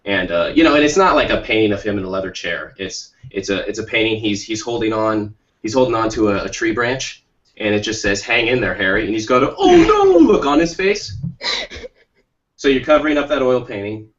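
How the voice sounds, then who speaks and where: A man's voice: on the low side, fast, fairly bright tone. A man co-hosting a podcast, telling a rambling, jokey story with many restarts. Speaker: podcast co-host. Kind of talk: playful storytelling chat. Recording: muffled lo-fi stream audio.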